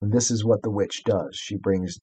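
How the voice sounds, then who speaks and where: A man's voice: on the low side, steady tone, normal speed, mellow, breathy edge, no echo. A man co-hosting a podcast, talking through a book in an earnest, reflective, professorial way. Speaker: podcast co-host. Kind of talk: casual book discussion and reading aloud.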